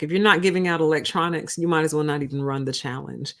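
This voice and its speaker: Low-voiced young woman on a livestream, blunt, laughs a lot, acts out what she told people. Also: quick pace, few pauses. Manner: blunt, candid, laughs often, acts out quotes. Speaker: livestream host. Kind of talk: casual livestream chat.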